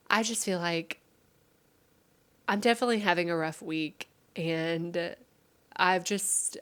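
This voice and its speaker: Tearful woman with a gravelly voice. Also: on the low side. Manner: rambling and heartfelt, many fillers. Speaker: vlogger and streamer. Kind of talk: casual confessional vlog.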